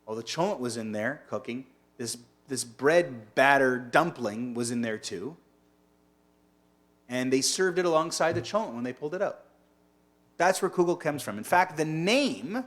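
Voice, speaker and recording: A man's voice: medium pitch, animated, moderate pace, a bit bright. A man teaching as a rabbi in a casual online lunch-and-learn, chatty and digressive, often asking his listeners questions.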